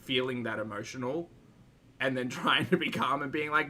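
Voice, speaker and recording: A woman's voice: very deep voice, normal speed, bright, forceful tone. A woman streamer casually commenting on a video, chatty and sarcastic, swearing and laughing often. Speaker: reaction streamer.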